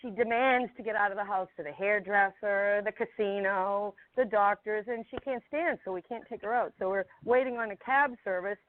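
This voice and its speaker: A woman caller speaks on a tinny phone line, her voice narrow and thin. She talks in an emotional, halting way, pausing often to find her words. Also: medium pitch, no echo. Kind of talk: call-in phone chat. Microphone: telephone.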